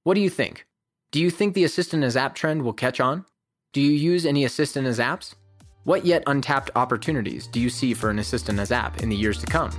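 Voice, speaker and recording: A man reading a prepared essay as the host of a podcast, in a measured, even delivery. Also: mid-range voice, soft background music. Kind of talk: scripted essay narration.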